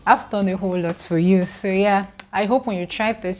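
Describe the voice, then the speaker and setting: A young woman with a Nigerian accent chats casually to her viewers. She talks in an emphatic, conversational way and laughs between points. Her voice sits in a middle pitch. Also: steady tone, brisk, hardly any pauses, darkish tone. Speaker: vlogger. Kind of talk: casual talk to camera.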